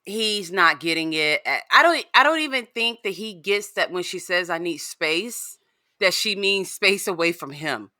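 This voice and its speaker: A woman's voice: lowish voice, lively intonation, normal speed, bright, forceful tone, no room sound, studio quality. A woman guest in a casual podcast chat, reacting with agreement, laughs and her own opinions.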